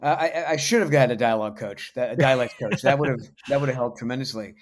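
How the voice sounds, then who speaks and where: A man in his forties from the United States, a voice actor telling stories in a casual interview, laid-back and halting, self-deprecating. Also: medium pitch, a little hiss or hum. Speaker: voice actor guest.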